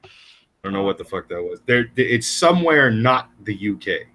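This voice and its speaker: A man joining a stream as a guest, trading crude, deadpan mock insults. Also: fairly low pitch, normal speed. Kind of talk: casual crude banter.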